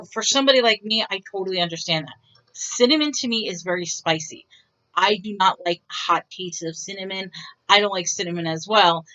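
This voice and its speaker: A retail worker vlogger tells her viewers retail stories in a wry, bemused, chatty way, often restarting her sentences. Her medium-pitched voice sounds pushed and bright, and the recording is lo-fi.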